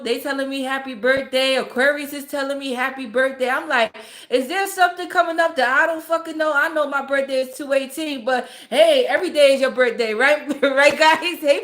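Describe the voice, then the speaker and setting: A woman's voice: sits high, a bit bright. A woman hosting a casual livestream, greeting viewers by name, chatty and profane, laughing often. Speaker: livestream host. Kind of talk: casual live-stream chat.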